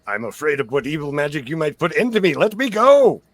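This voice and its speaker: A haughty old man protests in a raised, fussy voice, put on by a male game master. He is indignant and agitated and sounds high and strained. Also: very animated, brisk, dry recording.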